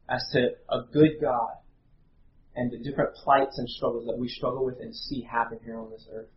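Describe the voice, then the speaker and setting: Male pastor, earnest and halting; roomy, slightly dull live recording. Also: medium pitch. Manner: earnest, halting with many fillers. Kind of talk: sermon with prayer and storytelling.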